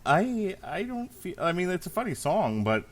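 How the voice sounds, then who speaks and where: A man's voice: sits high, very animated, moderate pace, slight background noise. A man hosting a podcast, reviewing an album in casual chat, blunt and crude, laughing often. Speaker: podcast host.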